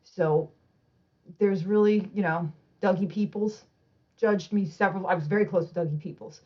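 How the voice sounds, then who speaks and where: A woman guest on an interview podcast, telling animated anecdotes and acting out the voices of people in her stories. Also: mid-range voice, normal speed, highs cut off. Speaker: author and martial artist guest. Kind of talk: casual storytelling interview.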